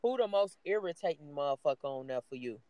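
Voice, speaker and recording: A woman co-hosting a podcast in a casual chat, blunt and profane, animated, often breaking into laughter. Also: low-pitched, fast talker, crowd noise.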